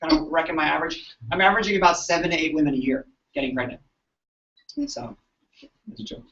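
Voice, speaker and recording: A man, a chiropractor, telling patient stories to colleagues in an animated, chatty way, often asking "right?". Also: on the high side, quick pace, creaky. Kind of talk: storytelling talk to an audience. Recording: echoey room, distant dull mic.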